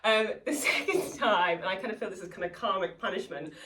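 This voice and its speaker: A woman's voice: medium pitch, a little fast, bright, forceful tone, a little hiss or hum. A woman who works as a private chef, talking as a guest in a casual interview and telling stories with lots of "like" and "you know". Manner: chatty, anecdotal, full of "like" and "you know". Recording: echoey room, far from mic.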